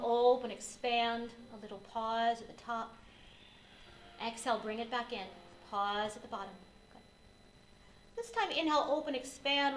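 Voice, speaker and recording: A woman teaching a yoga class, giving gentle, unhurried cues for breath and posture. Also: a little high, roomy sound, a little hiss or hum, rough recording. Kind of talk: guided yoga class instruction.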